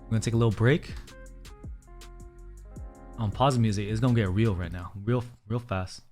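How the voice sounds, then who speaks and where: A man's voice: fairly low pitch, moderate pace, darkish tone, soft background music. A man streaming live from a small room, chatting casually and rambling to his viewers, a little out of breath. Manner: chatty, rambling, talks to chat as "fam".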